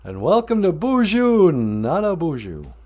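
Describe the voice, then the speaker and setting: A man's voice: on the high side, huge pitch swings, a little slow, a little mellow. A man hosting a podcast in a laid-back, chuckling manner, fumbling for his words now and then. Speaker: podcast host. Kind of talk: casual podcast chat. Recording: podcast with guitar music behind. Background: guitar music.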